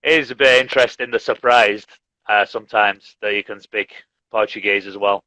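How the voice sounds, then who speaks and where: A man's voice: fairly low pitch, fairly even intonation, normal speed, sharp tone, dry recording, low-quality recording. A man from Leeds, a teacher chatting casually and laughing often on a live stream. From Leeds, England. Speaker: English teacher, host. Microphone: video call.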